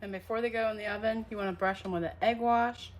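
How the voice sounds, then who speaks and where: A middle-aged woman hosts a home cooking show. She explains each step plainly and in a friendly way, with a voice of ordinary pitch for a woman. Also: steady tone, quick pace, slight background noise. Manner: friendly instructional, talks with mouth full. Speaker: cooking channel host.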